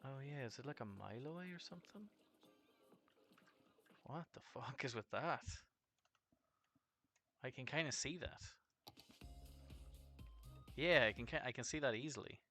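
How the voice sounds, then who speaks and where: A man chatting casually on a live game stream, rambling and swearing, his voice jumping from deep to screechy when excited. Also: measured pace, long pauses, faint music behind.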